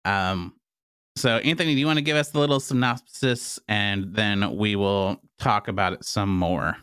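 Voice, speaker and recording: A man's voice: lowish voice, normal speed, a bit bright, smooth, no room sound, studio quality. A man hosting a casual podcast in an easygoing way, often repeating a word as he starts a thought. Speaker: podcast host.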